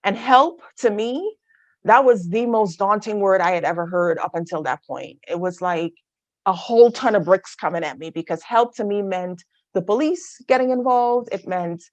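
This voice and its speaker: A woman's voice: mid-range voice, animated, normal speed, no echo. A woman giving a candid personal testimony talk on a video call, telling her story with asides to her listeners. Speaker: guest speaker.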